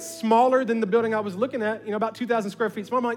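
A male pastor telling a story from the pulpit in an animated way, acting out conversations with bursts of excitement. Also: high voice, fast. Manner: animated, acts out dialogue with rising excitement. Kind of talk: sermon storytelling.

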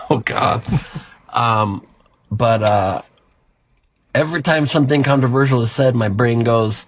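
A man's voice: mid-range voice, a little slow, pauses often, no echo, dull audio. A man hosting a podcast, chatting in a joking, self-deprecating, rambling way. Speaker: podcast host. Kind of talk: casual comedic podcast chat.

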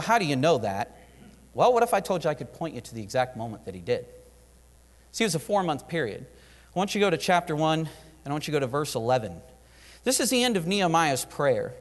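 Animated preacher man in a reverberant hall. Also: a little high. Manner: animated, acts out prayers and dialogue in varied voices. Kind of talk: sermon.

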